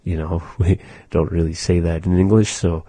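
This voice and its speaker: A man teaching his people's language, going slowly and patiently, with many pauses, and repeating words for practice. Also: low-pitched, level tone, dark tone, slightly rough, dry recording. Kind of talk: pronunciation lesson.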